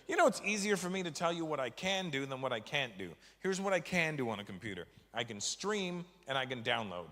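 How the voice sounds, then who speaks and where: A man from Canada doing a stand-up comedy set, teasing the crowd in an animated, mocking way that rises to shouts. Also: fairly high pitch, quick pace, hardly any pauses. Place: large comedy venue with audience. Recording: live stage recording in a reverberant hall.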